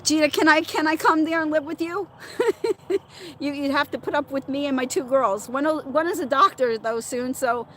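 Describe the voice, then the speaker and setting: A woman's voice: sits high, fairly quick, hardly any pauses, fairly bright tone, a little hiss or hum. Chatty livestreaming woman reading her chat. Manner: chatty, laughs often, talks back to commenters by name.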